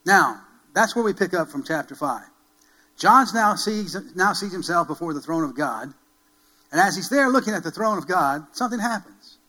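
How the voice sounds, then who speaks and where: This pastor has a high, expressive voice and speaks at a normal speed, captured on a rough recording. During his sermon he asks the congregation questions, repeating key phrases ever more forcefully and building to loud, emphatic calls.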